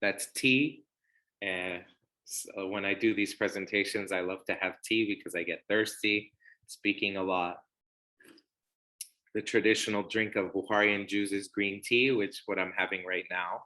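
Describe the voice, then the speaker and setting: Young guy on a video call, lowish bright voice, explaining stuff with lots of ums. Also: fairly even intonation, measured pace, low-quality recording. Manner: explanatory, with fillers and restarts. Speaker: presenter. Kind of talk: casual online presentation.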